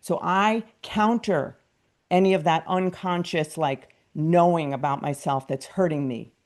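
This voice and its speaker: A woman from New York hosting a podcast, speaking earnestly in casual conversation and softly reciting self-affirmations. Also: fairly low pitch, measured pace. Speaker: podcast host.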